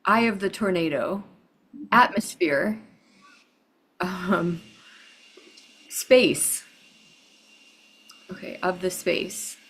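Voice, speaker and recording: A woman's voice: on the low side, very slow, long pauses, a bit bright, breathy edge, poor audio. A woman playing a guessing game, calling out single-word guesses one by one. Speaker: game player.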